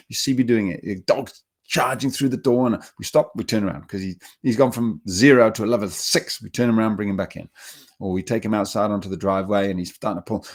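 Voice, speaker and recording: A middle-aged man, a dog trainer, teaching a seminar in an earnest, repetitive way with restarts. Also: medium pitch. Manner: earnest, repetitive, talks with restarts and acted-out quotes.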